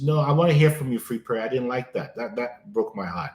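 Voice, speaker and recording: A man's voice: medium pitch, a little fast, a little mellow, roomy sound. A man hosting a live coaching stream, talking emphatically to listeners and repeating his key phrases.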